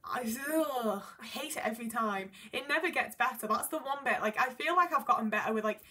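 A woman's voice: on the high side, a little fast, few pauses, bright, forceful tone. A young woman talking candidly to camera in a casual vlog, rambling and filling her speech with "like". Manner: candid, rambling, frequent "like" fillers. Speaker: YouTuber.

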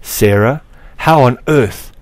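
A man's voice: mid-range voice, slow, no echo, pitched above the performer's own voice, lightly acted. A man reading aloud, voicing an angry, bitter schoolboy necromancer who raises his voice in indignation. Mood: indignant. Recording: dry close recording.

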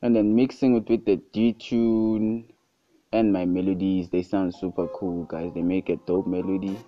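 A man narrating a casual music production tutorial, relaxed and easygoing, often calling out to his viewers and praising each sound. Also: sits low, normal speed, highs cut off. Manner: relaxed, repeats "guys" and "super cool".

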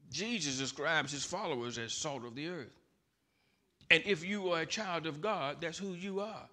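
A male pastor delivering a sermon with a high, very bright voice. He speaks slowly and deliberately, with wide pitch swings. His delivery rises from hushed phrases to shouted emphasis. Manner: builds to shouted emphatic preaching. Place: church.

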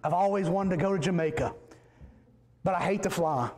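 An ordinary man afraid of flying, played by a preacher, earnestly asking for a wish in a fairly high voice. The sound carries through a roomy church hall with a long reverb. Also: brisk, darkish tone, close to an everyday voice. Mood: hopeful. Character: beach-loving man afraid to fly, hopeful.

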